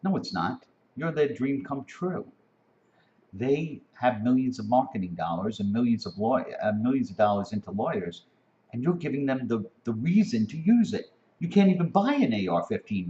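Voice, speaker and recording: A man in a heated, profane rant, his voice swinging widely in pitch as it climbs toward a near-shout. The recording is dull and lo-fi. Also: big pitch swings, moderate pace. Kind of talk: impassioned spoken rant.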